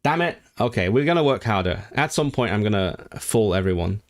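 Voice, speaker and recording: A man's voice: on the low side, animated, a little fast. Chatty man reading stream comments. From Hong Kong. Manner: rambling, self-correcting, reads viewer comments aloud and responds animatedly. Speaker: language livestream host. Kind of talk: casual livestream chat reading comments.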